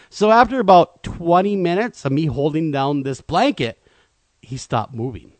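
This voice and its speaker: A man co-hosting a talk radio show, telling a comedic, self-deprecating story in an animated way. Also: a little high, normal speed, dry recording.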